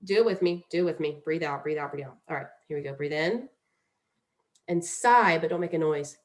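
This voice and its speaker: A woman teaching calming breathing exercises in a chatty, playful way, demonstrating each one aloud. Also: low-pitched, brisk. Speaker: mindfulness instructor. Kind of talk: casual instructional talk.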